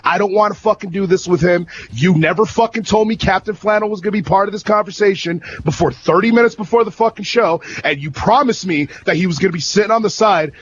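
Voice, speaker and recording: A man in a heated podcast debate over a voice call, swearing constantly and often shouting as he repeats his points. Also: sits high, fast, few pauses, muffled recording, slight background noise. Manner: profane, combative, repeats himself, often shouting. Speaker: debate participant.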